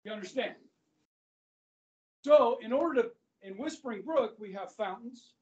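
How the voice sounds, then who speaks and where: High-voiced teacher telling a story in class. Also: male voice. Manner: chatty, keeps checking in with "okay?". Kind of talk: classroom lecture with anecdotes. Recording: distant, muffled classroom recording.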